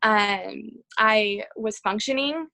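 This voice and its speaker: A woman in her thirties telling her own story in a casual interview, earnest and halting, with frequent ums and restarts. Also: mid-range voice, gravelly, bright, forceful tone, low-quality recording. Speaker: guest sharing her health story.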